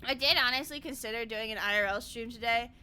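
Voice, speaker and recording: A woman's voice: on the high side, quick pace, sharp tone, clear, resonant tone. A woman VTuber streamer chatting casually while gaming, rambling, laughing a lot and swearing freely.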